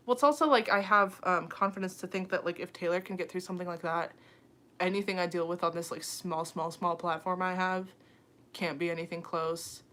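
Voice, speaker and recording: A woman's voice: on the low side, steady tone, normal speed, sharp tone. A young woman talks casually into her phone on a late-night livestream. She sounds a little tired, rambles easily and breaks into small laughs between her thoughts. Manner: chatty, giggly, heavy on fillers like "um" and "like". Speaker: YouTuber hosting a livestream. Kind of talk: casual livestream chat reading comments.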